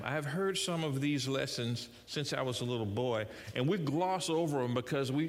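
A man's voice: a little high, fairly bright tone, big-room sound. A man preaching a sermon in a conversational way, reading scripture and asking rhetorical questions. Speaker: pastor.

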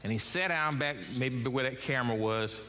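A middle-aged man preaching a sermon as pastor, swinging his pitch and loudness widely as he talks. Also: normal speed, soft background music. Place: church sanctuary. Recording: church hall with long reverb.

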